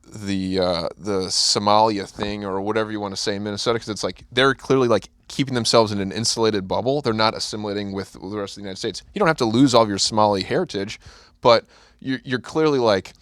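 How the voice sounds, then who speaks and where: A young man chats as a podcast guest, stating firm opinions and then softening them. His voice sits fairly low. The sound is dry and close-miked. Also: fast, no room sound. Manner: earnest, opinionated, hedging. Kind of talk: casual podcast chat.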